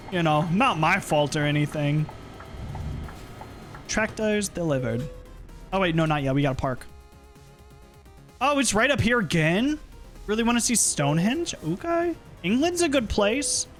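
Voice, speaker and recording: Young man, streamer, casual gameplay chatter, slightly high voice, loud game music behind. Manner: chatty, reacts aloud while driving, talks to chat.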